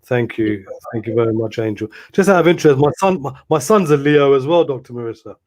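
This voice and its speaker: A man hosting a live-stream interview, reading out viewer comments in a soft-spoken, admiring way with hesitant fillers. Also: mid-range voice, lively intonation, quick pace. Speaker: interview host.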